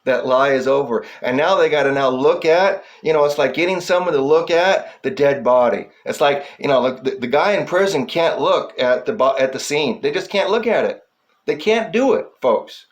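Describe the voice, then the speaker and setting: A man's voice: fairly high pitch, expressive, normal speed. Angry, profane man ranting to camera. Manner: profane, agitated and rambling, repeatedly addressing "folks". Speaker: self-publishing filmmaker addressing police. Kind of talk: angry direct-to-camera rant.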